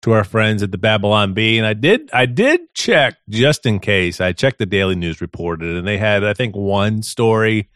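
A man's voice: fairly low pitch, animated, moderate pace, hardly any pauses, a bit bright, no room sound, clean studio sound. A man co-hosting a podcast, reading news stories aloud in a casual, amused way with frequent chuckles. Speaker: podcast co-host.

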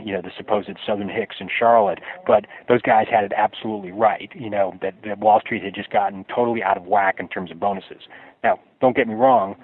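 Guy with a lowish voice calling in over a tinny phone line, halting, repeats words a lot. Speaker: author guest. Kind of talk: conversational interview answers.

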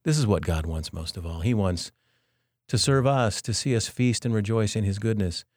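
A man with a fairly low voice talks as the host of a devotional podcast. He sounds earnest and measured, reflecting on each point. The sound is dry and close, with no room echo. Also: darkish tone.

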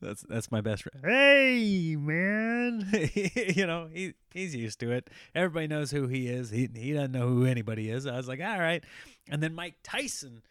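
A man hosting a podcast, telling rambling stories in a casual, animated way and laughing often. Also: mid-range voice, fairly quick, few pauses, smooth, no room sound, studio quality. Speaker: podcast host. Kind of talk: casual storytelling monologue.

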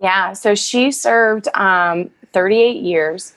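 A woman's voice: mid-range voice, extremely slow, a bit bright, no room sound. A woman in her thirties telling personal stories in a casual interview, emotional and full of fillers and laughter. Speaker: guest, wrestler.

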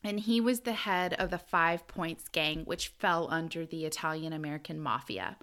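Bright-voiced giggly woman podcaster. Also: deep voice, normal speed, smooth. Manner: chatty, giggly, self-deprecating. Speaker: podcast co-host presenting the episode research. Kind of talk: casual podcast chat.

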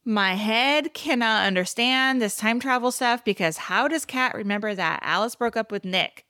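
A woman's voice: on the high side, moderate pace, pushed and bright, smooth, dry recording, studio quality. A woman co-hosting a podcast, recapping a TV episode in casual chat with blunt, exasperated asides. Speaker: podcast co-host.

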